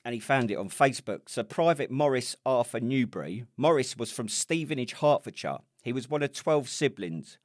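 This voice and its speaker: A man's voice: mid-range voice, lively intonation, normal speed, hardly any pauses, dry recording, clean studio sound. A middle-aged man from England, co-hosting a podcast in sweary, rambling banter. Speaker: podcast co-host. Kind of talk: casual chat.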